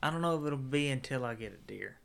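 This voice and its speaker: A man's voice: mid-range voice, expressive, fast, vocal fry, a bit bright, a little hiss or hum. A man in a casual chat who gives short, laid-back answers.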